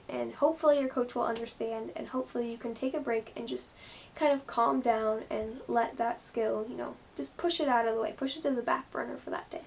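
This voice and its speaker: A woman with a fairly high voice talks casually to her viewers. She rambles in a friendly, chatty way, filling her sentences with "like" and "you know". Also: brisk, vocal fry, slight background noise. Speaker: gymnast vlogger. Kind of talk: casual advice vlog.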